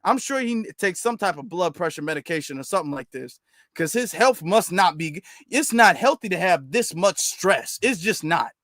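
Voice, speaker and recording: A man hosting reaction commentary, his voice pitched high and his tone sarcastic and mocking. The sound is dry and close, with no room echo. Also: lively intonation, moderate pace, fairly bright tone. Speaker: commentary channel host.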